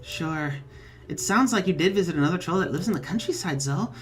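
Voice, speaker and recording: A man's voice: high voice, lively intonation, a little fast, soft background music. A man voicing a lonely, eager young male bee troll with a buzzy voice who apologizes and pities himself. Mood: sulky. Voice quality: buzzy accent. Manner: eager, apologetic, self-pitying.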